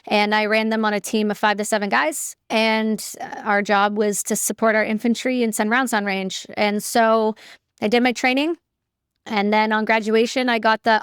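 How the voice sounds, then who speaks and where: A woman's voice: fairly high pitch, flat delivery, moderate pace, smooth, no room sound, studio quality. Candid woman telling her story. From Canada. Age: 30s. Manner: candid, chatty, fillers like "like" and "you know". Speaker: guest, military veteran. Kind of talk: casual interview storytelling.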